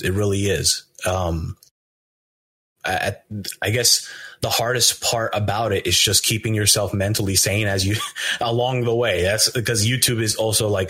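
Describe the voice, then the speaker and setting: A New man with a bright, forceful tone and a husky edge speaks as a guest in a relaxed conversation. He swears freely, leans on slang and trips over his own restarts as he goes. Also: on the low side, normal speed. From New York. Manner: loose, profane, heavy use of slang and repeated restarts. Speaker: guest, animator and voice actor. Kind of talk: casual conversational interview.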